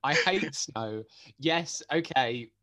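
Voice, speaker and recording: A young man co-hosting a casual podcast chat from home, ranting in an animated, incredulous way. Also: mid-range voice, takes it slowly, no echo. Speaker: podcast co-host. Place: home in Exeter.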